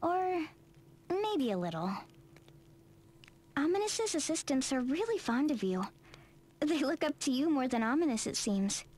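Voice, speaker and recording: A bright, high-voiced young adventurer with a lively, teasing delivery and a sarcastic edge. She fires back at her boss without missing a beat. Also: measured pace, pauses often. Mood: gentle. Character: sharp-tongued young female adventurer. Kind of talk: video game voice acting.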